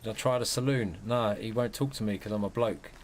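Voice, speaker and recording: A man's voice: lowish voice, brisk, a little hiss or hum. A man casually commenting on a game as he plays, muttering to himself. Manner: chatty, mutters to himself while playing. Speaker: game streamer.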